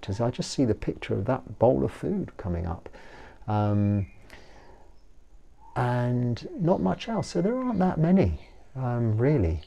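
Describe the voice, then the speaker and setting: An English man in his fifties, a Buddhist monk, answering a viewer's question in a relaxed, rambling way with frequent ums and restarts. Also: medium pitch, a little slow, creaky. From England. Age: 50s.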